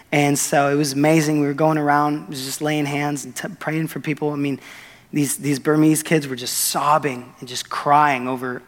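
A young man preaching a sermon, telling a story with quoted dialogue in an earnest, excited manner. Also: on the high side. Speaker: pastor. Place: church sanctuary. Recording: long reverb of a church hall.

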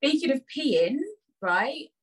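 A woman in casual podcast chat, reading out listener dilemmas in an animated, incredulous way. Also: sits high, slow pace, slightly rough, poor audio.

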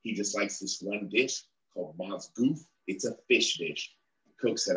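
A man's voice: lowish voice, a little slow, fairly bright tone, roomy sound, rough recording. A middle-aged man, a guest in an interview, telling a long story and acting out the people he quotes.

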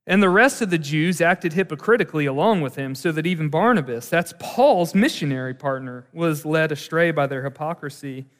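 A male pastor preaching a sermon in a conversational, animated way, with asides to the congregation. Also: a little high, fairly quick, hardly any pauses. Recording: long hall reverb.

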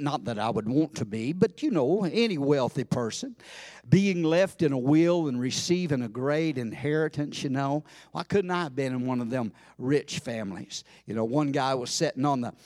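A man preaching a sermon in a church service, folksy and full of amens, building to fervent shouts. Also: mid-range voice, no echo, studio quality. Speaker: pastor.

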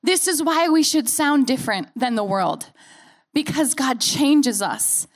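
A young American woman pastor delivers a sermon earnestly and with animation, tossing in playful asides. Her voice is high and a little slow, and years in Australia have softened her accent.

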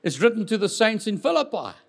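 Male pastor, higher-pitched, animated sermon delivery with humor and big dynamic swings. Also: fairly quick, creaky. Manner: animated, jokes with congregation, swings from loud to quiet. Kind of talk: lively sermon.

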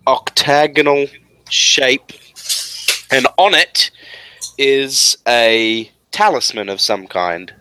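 A man running a tabletop game as game master, describing scenes in a halting way with many fillers. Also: medium pitch, pushed and bright, smooth, no room sound.

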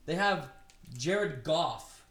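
A young man co-hosting a casual sports podcast, laid-back and quick to laugh. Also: a little high, animated, fairly bright tone. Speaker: podcast co-host.

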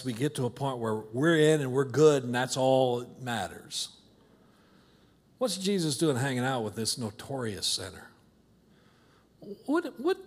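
A man's voice: medium pitch, husky. A male pastor preaching a sermon in a church, acting out voices of complainers and children. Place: church sanctuary.

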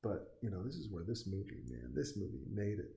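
A man's voice: on the low side, big pitch swings, brisk, gravelly, dark tone. A man in his forties from Montana, giving casual, profane, rambling commentary while watching a movie. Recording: echoey room.

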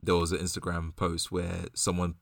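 A man co-hosting a podcast in casual chat, telling stories in an animated way. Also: deep voice, creaky, no room sound, clean studio sound. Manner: animated storyteller, quick and laughing. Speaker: podcast co-host.

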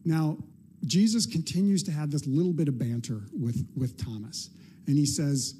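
A man's voice: a little high, normal speed, mellow, slight background noise. A male pastor preaching a sermon in a casual, conversational way, now and then acting out short quoted lines with a playful touch.

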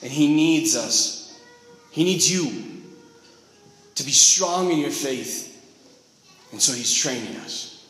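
Animated priest preaching in an echoey church. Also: male voice, a little high. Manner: animated storyteller with quick asides and acted quotes. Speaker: Catholic priest. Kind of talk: sermon. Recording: echoey church with long reverb.

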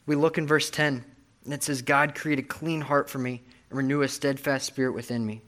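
A man's voice: mid-range voice, steady tone, a little fast, a bit bright. A young man preaching a sermon, earnestly reading and explaining scripture. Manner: earnest, reads scripture aloud with emphasis.

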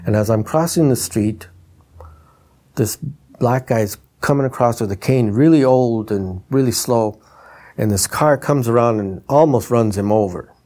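Older man, anecdotal storytelling, animated, mimics the voices of people in his stories. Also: medium pitch, a little slow. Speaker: retired trumpeter and instrument designer.

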